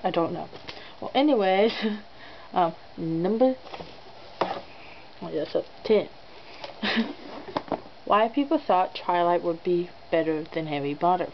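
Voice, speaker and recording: A woman's voice: mid-range voice, a little slow, long pauses. A young woman hosting a casual top ten countdown vlog, laughing often and making sarcastic asides. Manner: giggly and sarcastic, laughing between items. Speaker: vlogger. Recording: dull lo-fi webcam audio with faint background noise.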